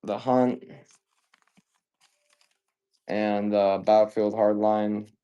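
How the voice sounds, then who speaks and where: A man's voice: fairly low pitch, fairly even intonation, mellow, clean tone, dull audio. A man hosting a live stream that sells video games, chatting casually and cursing freely as he greets viewers one after another. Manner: loose and profane, greets viewers rapid-fire. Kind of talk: casual live-selling chat.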